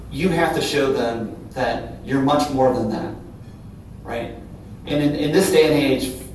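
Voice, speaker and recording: A middle-aged man from Cincinnati speaking candidly to a live audience as a company leader, in an earnest, conversational way that keeps tagging "right?". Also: mid-range voice. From Cincinnati, Ohio. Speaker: company CEO speaking at a business breakfast. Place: large event room. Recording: very echoey hall from far off, faint hum. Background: occasional audience laughter.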